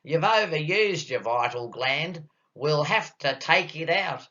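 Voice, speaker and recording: A man's voice: a little high, expressive, slow, pushed and bright, muffled recording, heavily acted. An Australian man voicing a blunt, unsmiling male doctor in a comic poem, curt and matter-of-fact.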